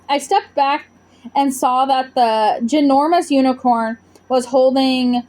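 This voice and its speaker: A woman reading a children's storybook aloud with expressive narration. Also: sits high, slow pace. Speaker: audiobook reader.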